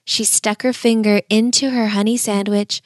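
A woman's voice: mid-range voice, fairly even intonation, no echo, clean studio sound. Woman reading a bedtime story. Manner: gentle, measured. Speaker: narrator. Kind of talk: storybook narration.

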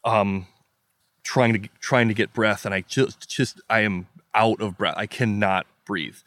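In an unhurried, fairly low voice with a touch of brightness, a podcast guest from the US Midwest narrates a story. His intonation stays fairly even as he paints vivid, emphatic detail and acts out his own internal quotes.

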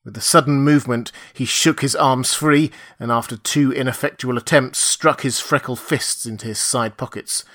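A man narrating a classic novel in a measured, even storytelling voice. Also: mid-range voice. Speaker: audiobook narrator. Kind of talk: scripted narration.

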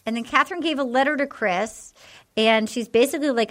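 A woman hosting a podcast, telling stories in an animated, casual way and swearing now and then. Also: a little high, fairly quick. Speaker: podcast host. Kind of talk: casual chat recapping a reality show.

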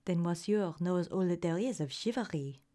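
A man voicing a soft-spoken, gentle young noblewoman in a storybook reading, with a quiet, hushed voice. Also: high-pitched, animated, normal speed, voice pushed up.

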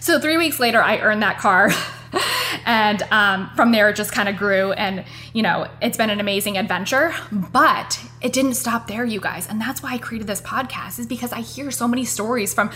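A woman's voice: mid-range voice, moderate pace, few pauses, bright, forceful tone, faint music behind. A woman, hosting her own podcast and talking earnestly and chattily to her listeners. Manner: earnest, chatty, addresses listeners as "you guys". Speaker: podcast host. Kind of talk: casual motivational podcast monologue.

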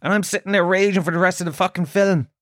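A man hosting a podcast, telling a comic story in a profane, ranting, animated way. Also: high-pitched, fast, no echo, clean studio sound. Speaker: podcast host.

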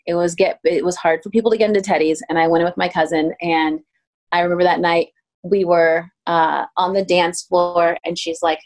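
A woman in her thirties, a pastry chef guest telling stories in a casual interview, acting out quoted voices with sudden pitch jumps. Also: fairly quick. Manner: animated, acts out quotes with lively pitch jumps. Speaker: guest, pastry chef turned ice cream maker.

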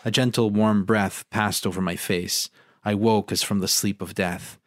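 A man reading a story passage aloud and discussing it in a measured way. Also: lowish voice, steady tone, no room sound, clean studio sound.

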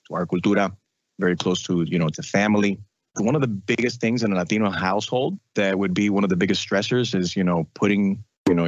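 A man who is a radio and podcast host, talking casually in an interview and telling animated stories. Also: fairly low pitch, no echo, lo-fi sound. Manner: animated storytelling, mimics relatives.

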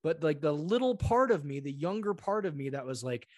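Animated man telling stories on a podcast. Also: on the high side, fairly quick, dry recording, studio quality. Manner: animated storyteller acting out quoted voices. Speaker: podcast guest. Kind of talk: conversational interview.

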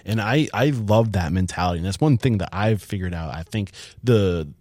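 A man's voice: sits low, a little mellow, no room sound. A man hosting an interview, thinking aloud in a reflective way. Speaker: podcast host. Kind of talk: conversational interview.

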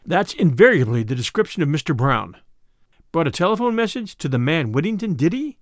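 A man reading aloud as a weary older male spymaster, measured and grave. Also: on the high side, sing-song, no echo, clean studio sound.

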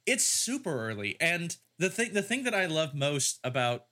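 A man's voice: on the high side, very animated, normal speed, bright, forceful tone. A man hosting a casual film-review podcast, rambling with many fillers and restarts. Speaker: podcast host.

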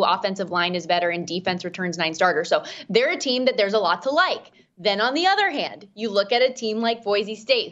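A woman co-hosting a sports betting show, breaking down a college football matchup in quick, detailed, conversational chat. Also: a little high, a bit bright, highs cut off.

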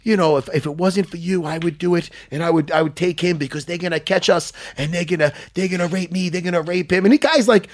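A man hosting a podcast, chatting in a casual, animated way and swearing a lot. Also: sits high, quick pace, few pauses. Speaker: podcast host. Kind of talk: casual chat.

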